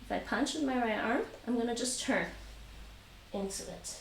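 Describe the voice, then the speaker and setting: During a live-streamed home exercise lesson, a woman teaches taekwondo, patiently repeating instructions and counting reps aloud. Her voice is fairly high and moves at a moderate pace. The mic is distant, with roomy echo and faint noise.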